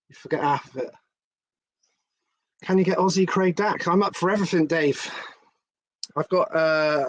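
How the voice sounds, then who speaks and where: A man's voice: fairly high pitch, dry recording. A middle-aged man from hosts a live stream in a slightly raised voice. He chats loosely, swears freely and answers viewers' comments. The sound is dry and close, with little room. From England. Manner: chatty, swearing, laughing, reading out viewer comments. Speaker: host. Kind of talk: casual live-stream chat.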